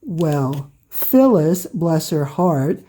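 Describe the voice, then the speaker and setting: A woman hosting a quilting vlog, gushing with excited exclamations as she shows items to the camera in her home sewing room. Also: sits low, extremely slow. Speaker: quilting channel host. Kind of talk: casual show-and-tell vlog. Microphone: camera close by on a table.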